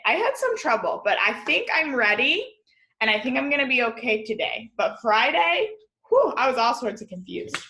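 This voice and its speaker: Female teacher, slightly high voice, deliberate pace, sing-song drills for little kids. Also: pushed and bright, echoey room, low-quality recording. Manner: slow, clear, sing-song spelling drills. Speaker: kindergarten teacher. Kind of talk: distance-learning classroom lesson. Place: room at home.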